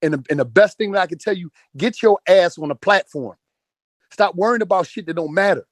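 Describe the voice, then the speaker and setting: Man in his forties, rapid and raised, preaching hustle with relentless profanity. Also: high voice, no room sound, studio quality. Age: 40s. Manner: profane, emphatic, repeats phrases for emphasis. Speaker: speaker in an online audio chat room. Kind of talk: motivational rant.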